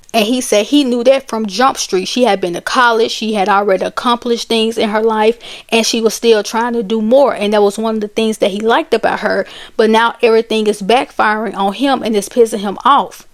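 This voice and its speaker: A woman retelling a book's plot in a casual, conversational way, animated, with chatty asides. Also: fairly high pitch. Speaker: book and movie reviewer. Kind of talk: casual storytelling recap.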